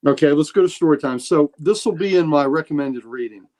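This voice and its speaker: A man's voice: on the high side, brisk, dark tone. A man co-hosting a casual podcast, retelling comic scenes with many restarts and fillers. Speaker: podcast co-host.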